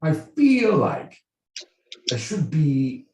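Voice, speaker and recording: A man hams up a pompous gentleman in a mock British accent, swooping up high on grand declarations and dropping low again. The words come slow and stately. The voice rings in an echoey room, away from the mic. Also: big pitch swings, recorded from a distance, slight background noise, full character voice. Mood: grandiose. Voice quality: grand, swooping exaggerated delivery.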